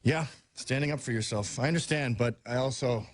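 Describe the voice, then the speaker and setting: A man on a talk show answering calmly and with dry remarks. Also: mid-range voice, a little fast, no room sound. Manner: calm, reasoning, dry remarks. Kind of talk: casual talk-show chat.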